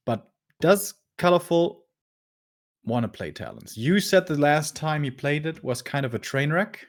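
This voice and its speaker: A man casting a strategy game match, chatty and laughing easily with his co-caster. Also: fairly high pitch. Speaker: esports caster. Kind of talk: casual game commentary.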